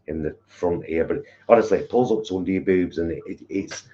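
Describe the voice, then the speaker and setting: A man's voice: low voice, fairly quick, warm tone. A man, co-hosting a live kitchen stream and telling camp, gossipy stories. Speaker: co-host of a live cooking stream. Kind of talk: casual chat. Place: home kitchen. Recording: dull lo-fi sound.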